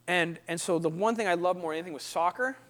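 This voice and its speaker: A young man giving a lively motivational talk to an audience, acting out little scenes and voices as he tells stories. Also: sits high, fast. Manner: animated, acts out voices and sound effects. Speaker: speaker.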